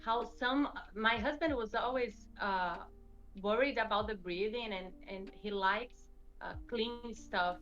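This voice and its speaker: A woman's voice: on the high side, measured pace, fairly bright tone, dull audio, faint music behind. A woman guest designer chatting casually, often laughing and restarting her sentences. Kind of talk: casual chat.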